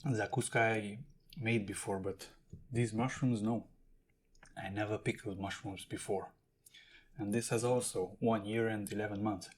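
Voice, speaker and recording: A man's voice: lowish voice, fairly even intonation, unhurried, slight background noise. A man talking casually to camera in a food tasting vlog, explaining and eating as he goes. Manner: chatty, talks while eating and handling jars. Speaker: food vlogger.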